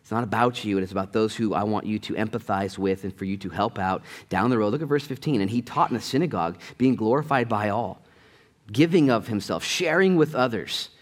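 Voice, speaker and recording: A middle-aged male pastor preaching a sermon, telling stories in a conversational way and talking straight to the congregation, with sudden jumps in pitch and loudness. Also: fairly quick. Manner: animated storytelling with sudden rises in pitch and volume; conversational, addresses the congregation directly.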